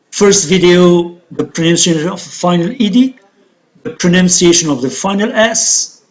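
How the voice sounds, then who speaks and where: Slow, lively-voiced male English teacher. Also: fairly high pitch. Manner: slow, deliberate, repeats model words. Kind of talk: recorded pronunciation lesson.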